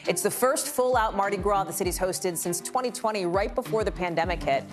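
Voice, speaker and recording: A woman's voice: medium pitch, brisk, music in the background. A woman anchoring a live news show, reading stories in a conversational way with chatty asides.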